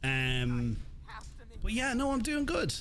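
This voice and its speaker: A man's voice: high voice, wildly swooping pitch, takes it slowly, fairly bright tone. Friendly guy streaming a game, chatting with viewers, lots of hiss in the audio. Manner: chatty, friendly, greets chat by name. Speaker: gaming live streamer. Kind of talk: live gameplay commentary.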